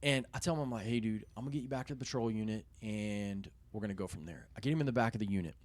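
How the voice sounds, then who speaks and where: A young man telling a story as a podcast guest, swearing constantly and animated, often laughing at his own anecdote. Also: lowish voice, racing. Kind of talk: casual storytelling in a podcast interview.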